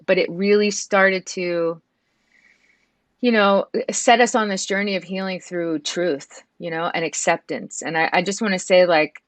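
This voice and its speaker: Low-voiced woman, halting and earnest. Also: steady tone, no echo. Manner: halting, with many restarts and fillers; soft and earnest. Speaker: guest. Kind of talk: emotional interview.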